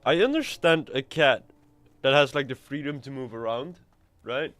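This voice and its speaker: A man's voice: medium pitch, moderate pace, a bit bright, no room sound, faint music behind. Rambling self-mocking male streamer. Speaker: game streamer. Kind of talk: casual gameplay chat.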